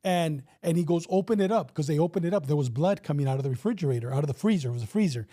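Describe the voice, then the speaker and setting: A man's voice: a little high, racing, mellow. A man in his fifties, a retired police officer, telling a story in a casual interview and acting out the dialogue with some swearing.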